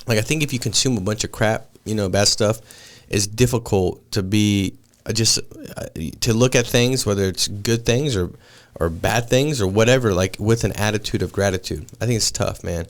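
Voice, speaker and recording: Brief: male podcast host, 30s, lowish voice, easygoing dude-speak. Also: moderate pace, few pauses. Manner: laid-back, says dude and man a lot. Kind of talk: casual podcast chat.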